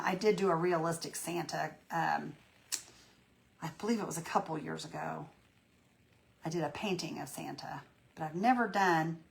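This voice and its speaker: Woman, craft tutorial host, chatty and encouraging, low-ish gravelly voice. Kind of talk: live painting demo chatting with viewers.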